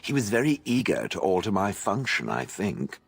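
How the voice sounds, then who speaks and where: An actor playing a haughty, aloof male stone golem in a game, speaking with posh, husky dryness. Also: on the low side, big pitch swings, moderate pace, heavily acted. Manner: posh, refers to others as "it". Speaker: game character. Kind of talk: voiced game dialogue.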